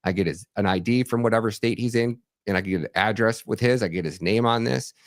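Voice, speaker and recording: A man with a fairly low voice explains a process step by step in a conversational interview. He speaks earnestly and often restarts mid-sentence, tagging points with "right?". The sound is dry and close, with little room echo. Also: fast. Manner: earnest, animated storytelling with frequent restarts and "right?" tags. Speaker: podcast guest, documentary filmmaker.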